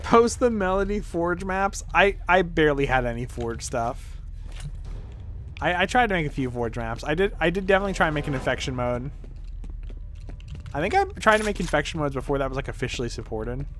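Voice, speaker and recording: Lively, rambling male streamer. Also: a little high, brisk, a little hiss or hum. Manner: rambling, offhand, swears casually. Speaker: vtuber streamer. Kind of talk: casual gameplay chat.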